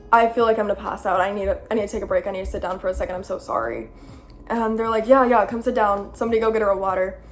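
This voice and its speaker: A young woman telling a personal story to the camera in a chatty, earnest way, full of fillers. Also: medium pitch. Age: young adult. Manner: chatty, lots of "like", earnest and self-conscious. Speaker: vlogger. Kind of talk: storytime vlog.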